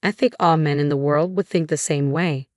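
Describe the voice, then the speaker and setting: A man's voice: fairly high pitch, fairly even intonation, normal speed, dry recording, studio quality, lightly acted. A woman reading the part of an arrogant, sexist middle-aged husband who talks down to others. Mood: smug. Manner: dismissive, condescending.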